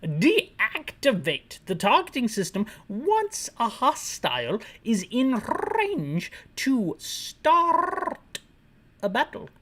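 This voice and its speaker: Woman doing a stiff, slow-talking mock-British radio officer, voice pushed up high and syllables dragged out. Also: wildly swooping pitch, a bit bright, exaggerated voice. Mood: stuffy. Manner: slow, over-pronounced reading of game instructions.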